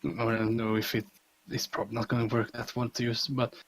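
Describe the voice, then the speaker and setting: A man's voice: mid-range voice, monotone, fairly quick, no echo. A young man playing a tabletop game, hesitant and thinking aloud with fillers. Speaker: player. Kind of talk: casual tabletop play.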